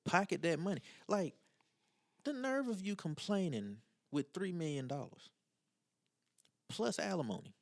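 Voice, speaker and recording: A man's voice: high voice, sing-song, unhurried, vocal fry, long pauses, darkish tone, dry recording. A man co-hosting a casual podcast who reads a listener letter aloud and then chats bluntly in slang. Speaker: podcast co-host.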